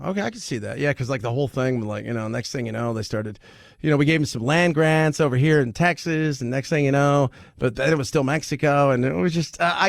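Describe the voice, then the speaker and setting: Male radio host, gravelly, slightly high, animated and joking, dry studio sound. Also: no echo. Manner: joking, animated, laughs often. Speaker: radio talk show host. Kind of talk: casual talk radio monologue.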